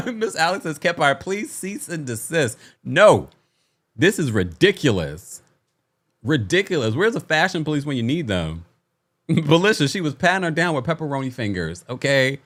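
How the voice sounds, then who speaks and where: Animated exasperated male recap host. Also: fairly high pitch, moderate pace. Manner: animated, exasperated, laughing asides. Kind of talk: casual commentary.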